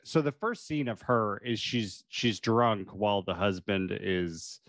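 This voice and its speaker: A man's voice: on the low side, a little slow, a bit bright, no echo, studio quality. A young man co-hosting a casual movie-chat podcast, laughing often and recapping scenes in a wry, offhand way. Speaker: podcast co-host.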